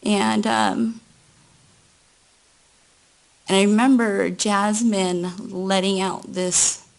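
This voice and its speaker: A woman testifying as a witness at a trial, recounting events in a slow, halting way. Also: mid-range voice, level tone, gravelly. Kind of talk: courtroom testimony.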